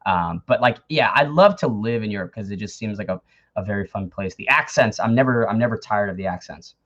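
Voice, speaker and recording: A man's voice: fairly low pitch, lively intonation, a little fast, a bit bright. An American man talks as an interview guest, easygoing and chatty. He is heard over a remote call. The sound is muffled and lo-fi, lacking the top end. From United States. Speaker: guest, MMA commentator. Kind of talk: casual interview chat.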